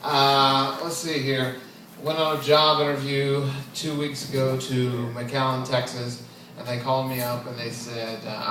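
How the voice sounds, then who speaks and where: A man in his twenties performing an open mic stand-up set, deadpan and self-deprecating, chuckling at his own jokes. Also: medium pitch, a little slow, recorded from a distance. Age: 20s. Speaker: stand-up comedian. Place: comedy club stage. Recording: echoey club heard from afar, crowd noise. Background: audience laughing.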